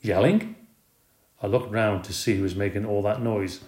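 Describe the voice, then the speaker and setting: A man narrating a children's storybook with expressive, animated reading. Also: lowish voice, normal speed. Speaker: reader. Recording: roomy recording.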